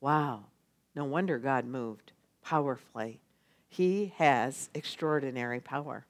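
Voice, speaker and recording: A middle-aged woman preaches at a slow, deliberate pace. She swings from loud pleading to hushed tones. She leads her listeners in call-and-response. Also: a bass voice. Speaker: speaker at a church gathering. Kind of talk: sermon.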